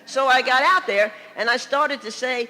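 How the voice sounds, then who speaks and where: An older woman preaching in a church, her voice bright and forceful. She tells stories with lively humor and laughter. The sound rings with a long hall reverb. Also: high voice, normal speed. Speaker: guest preacher. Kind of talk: humorous sermon storytelling. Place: church sanctuary.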